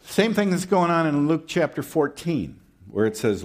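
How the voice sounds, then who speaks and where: A man's voice: fairly high pitch, big pitch swings, normal speed. A man preaching a sermon in a conversational way, with rhetorical questions and folksy asides.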